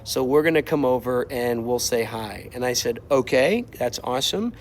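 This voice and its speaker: A young man casually telling a travel story while walking outside, animated and exasperated, acting out quotes. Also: mid-range voice, moderate pace, a little hiss or hum. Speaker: streamer. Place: outdoors, walking. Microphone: mobile mic while walking.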